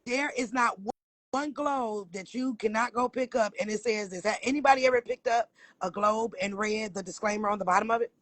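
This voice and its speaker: A woman's voice: mid-range voice, brisk, a bit bright, dry recording, rough recording. A woman co-hosting a casual livestream, talking emphatically with lots of profanity and frequent laughter. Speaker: livestream co-host.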